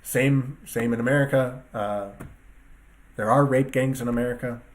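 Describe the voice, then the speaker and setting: A male online commentator sits at a computer with two screens, ranting to his viewers in a casual solo talk. His voice is medium-pitched and steady, at a normal speed, and his delivery is emphatic, profane and rambling.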